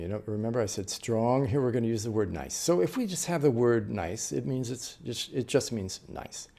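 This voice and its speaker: A man's voice: mid-range voice, creaky, dark tone. A middle-aged man teaching a class as an interpreter trainer, explaining patiently with frequent fillers and restarts. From United States. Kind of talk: lecture on note-taking.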